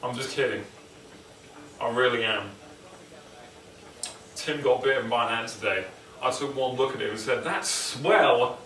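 A man's voice: mid-range voice, moderate pace, long pauses, fairly bright tone, recorded from a distance. Rambling, joking English man. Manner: joking, self-deprecating, rambling. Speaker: cooking vlog host. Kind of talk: rambling casual monologue. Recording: echoey room, mic some way off, faint noise.

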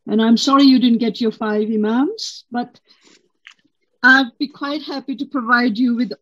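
A woman's voice: on the high side, fairly even intonation, unhurried, dry recording. Supportive woman host, dry dull sound. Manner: soft, supportive listener. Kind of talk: interview host.

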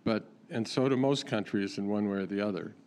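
Male questioner at a public Q&A, lowish voice, probing and challenging. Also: brisk, a little mellow. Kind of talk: public talk Q&A.

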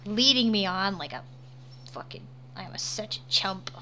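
A woman's voice: mid-range voice, moderate pace, pushed and bright, a little hiss or hum. A woman streaming as she draws, chatting casually, laughing often and swearing freely. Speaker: livestreamer. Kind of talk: casual livestream chat while drawing.

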